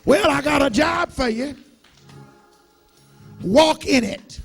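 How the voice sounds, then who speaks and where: High-voiced impassioned male preacher. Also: expressive, slow, creaky, soft background music. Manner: impassioned call-and-response preaching, shouting into rhythmic chanting. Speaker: pastor. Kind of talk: sermon. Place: church sanctuary.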